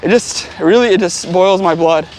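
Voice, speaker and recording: A man's voice: high voice, normal speed, slight background noise. A man vlogging as he walks along a city street, telling stories casually and rambling with lots of fillers. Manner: rambling, heavy on fillers like "like" and "you know". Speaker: travel vlogger. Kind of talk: casual storytelling. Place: outdoors on a city street, walking.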